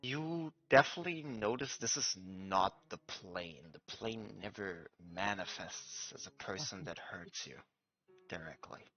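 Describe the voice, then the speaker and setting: A man narrating as game master, in a hushed and halting way. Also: sits low, expressive, lo-fi sound. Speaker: dungeon master.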